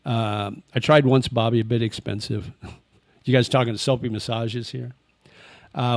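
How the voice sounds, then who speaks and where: A man hosting a casual livestream, reading viewer comments and rambling relaxed with lots of fillers and chuckles. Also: mid-range voice, normal speed, no room sound, studio quality. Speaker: livestream host. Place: home, living in Thailand.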